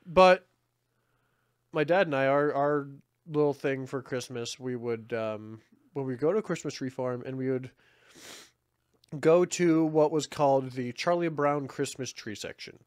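A man's voice: medium pitch, measured pace, smooth, dry recording, studio quality. A man co-hosting a casual podcast, rambling through nostalgic stories and swearing often. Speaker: podcast co-host. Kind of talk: casual chat.

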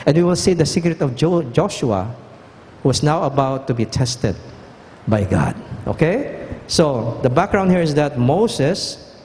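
A man's voice: fairly high pitch, animated, unhurried, darkish tone. A pastor preaching a sermon, asking the congregation pointed questions and driving home his points. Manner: questioning, emphatic, engages the congregation. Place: church hall. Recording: echoey church hall, faint noise.

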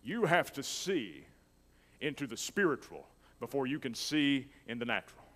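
A man's voice: mid-range voice, very animated, normal speed, a bit bright. Preaching man in a reverberant church. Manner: preaching with rising intensity, calls to the congregation. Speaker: pastor. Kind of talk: sermon. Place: church sanctuary.

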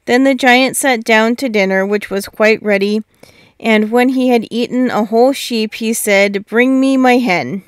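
Smooth-voiced woman reading a storybook. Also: fairly high pitch, fairly even intonation, unhurried, no echo, clean studio sound. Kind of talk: storybook narration.

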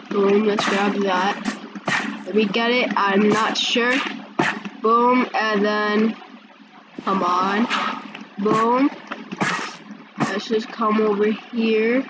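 A woman giving casual gameplay commentary, excitable and breaking into high panicked yelps. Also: extremely slow, long pauses, heavy background noise. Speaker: gameplay video creator. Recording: loud game sounds behind the voice.

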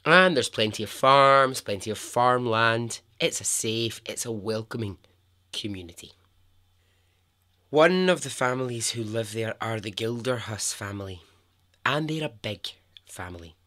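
A man's voice: medium pitch, expressive, a little slow, sharp tone. A Scottish man hosting a podcast, telling a true story in a playful, chatty way and laughing often at his own jokes. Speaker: podcast host. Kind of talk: casual storytelling.

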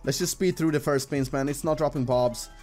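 A young man giving casual, excitable commentary while gambling, swearing and talking to the game. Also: on the high side, brisk, faint music behind. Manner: excitable, swearing, talks to the screen. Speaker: gambling streamer. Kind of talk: casual live slot commentary.

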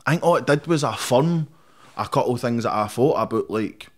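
A man's voice: medium pitch, expressive, a little fast. A young Scottish man, a rapper guest in a casual interview, blunt and sweary, tossing "mate" into nearly every sentence. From Scotland.

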